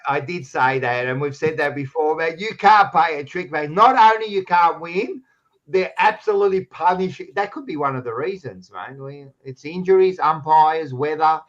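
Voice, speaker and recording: Brief: Australian male co-host, higher-pitched, teasing banter, dull lo-fi audio. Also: normal speed, a bit bright. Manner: teasing, needling, swears. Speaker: podcast co-host. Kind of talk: casual sports banter. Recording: dull lo-fi sound.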